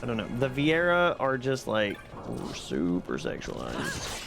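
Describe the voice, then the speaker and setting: A man streaming live, chatting casually and excitably with his viewers while playing a game. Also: medium pitch, a little slow, creaky, over loud music. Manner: excitable, chatty, reads and answers chat.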